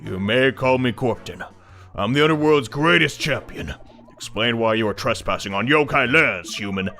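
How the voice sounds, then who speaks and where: A man's voice: mid-range voice, moderate pace, bright, forceful tone. A man voicing a proud male underworld champion yokai in a game, stern and commanding.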